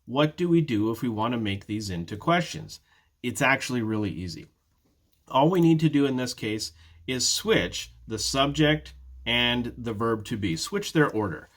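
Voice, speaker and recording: A man's voice: mid-range voice, animated, normal speed, a bit bright. A man teaching a prerecorded beginner English lesson, patiently explaining step by step with repeated example sentences and modeling question intonation. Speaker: ESL teacher.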